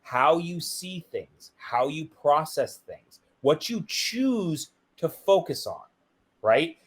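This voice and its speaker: Middle-aged male interview guest, lively storyteller, slightly high voice. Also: slow pace. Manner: animated, acts out quoted dialogue with big pitch jumps.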